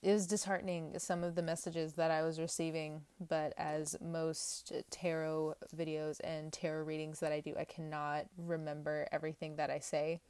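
A woman's voice: sits low, little pitch movement, moderate pace, hardly any pauses, a little mellow, clean tone, no echo. Candid young woman giving a tarot reading. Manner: candid, rambling, emphatic. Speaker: tarot reader.

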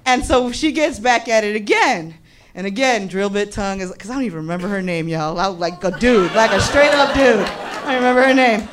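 A woman doing live stand-up, telling a raunchy story in a brash, profane and animated way, often laughing through her lines. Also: mid-range voice, brisk, slight background noise. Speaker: stand-up comedian.

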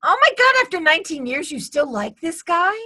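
A woman hosts a casual interview, with a high and bright voice. Her pitch swings widely as she asks curious questions and exclaims. She laughs easily in between. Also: big pitch swings, brisk. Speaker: interviewer host.

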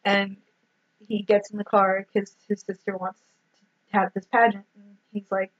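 A woman's voice: mid-range voice, flat delivery, moderate pace. A woman recapping a movie in casual chat, swearing freely and quoting scenes. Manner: swears freely, retells scenes with acted quotes. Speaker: podcast co-host. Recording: dull lo-fi sound.

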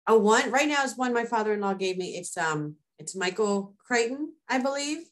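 A woman in casual conversation, telling personal stories in a chatty, animated way. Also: a little high, moderate pace. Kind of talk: casual chat.

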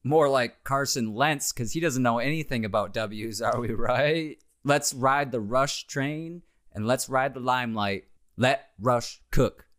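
A man talking football picks on a podcast with a loose, joking delivery. His voice sits at an ordinary middle pitch. He keeps it casual and chatty. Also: a little slow, fairly bright tone. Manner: jokey, makes game picks, briefly tries silly accents. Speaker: podcast co-host. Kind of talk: casual sports podcast banter.

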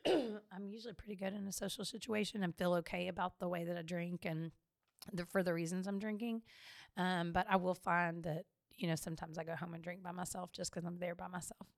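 A woman's voice: fairly low pitch, fairly even intonation, a little fast, creaky, no room sound, clean studio sound. A woman co-hosting a podcast in casual chat, chatty and playful, laughing often. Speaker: podcast co-host.

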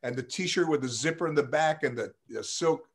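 A man's voice: a little high, normal speed, a little hiss or hum. A man recalling a film shoot in casual chat, reflective and drawn out, with the odd curse.

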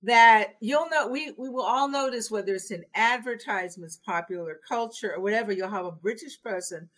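A woman from the United States co-hosting a podcast, making her points in casual chat, emphatic and opinionated, her pitch swooping up high at times. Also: moderate pace, a bit bright. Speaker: podcast co-host.

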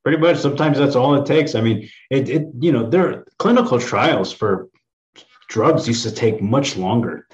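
A man's voice: medium pitch, expressive, normal speed, lo-fi sound. A man from the East Coast, co-hosting a podcast in casual chat, explaining things hesitantly with many fillers. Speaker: podcast co-host.

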